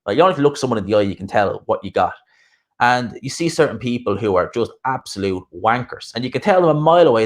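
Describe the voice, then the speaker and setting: A man's voice: mid-range voice, expressive, a little fast. An Irish man hosting a boxing channel, chatting casually on a live stream, rambling and swearing freely.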